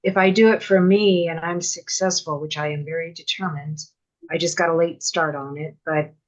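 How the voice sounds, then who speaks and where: A woman's voice: deep voice, steady tone, normal speed, poor audio. A middle-aged woman hosting a podcast, speaking reflectively and openly in casual conversation. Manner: reflective and open, with light laughter. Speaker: podcast host.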